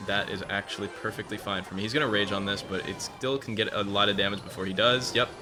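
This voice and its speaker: A man's voice: lowish voice, fairly even intonation, fast. A young man hosting a mobile game channel, telling a rambling story between plays and swearing at his opponents. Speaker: gaming channel host. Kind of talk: casual gameplay commentary with storytelling.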